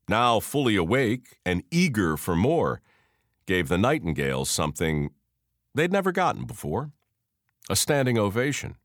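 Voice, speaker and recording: Lively man telling a folksy story. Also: medium pitch, no room sound, clean studio sound. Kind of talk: scripted narration.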